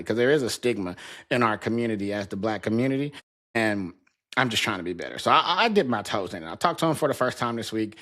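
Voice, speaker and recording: A man's voice: fairly low pitch, fast talker, a bit bright. Profane man venting alone in a basement. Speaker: podcast host. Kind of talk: casual solo monologue. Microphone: talking to a camera.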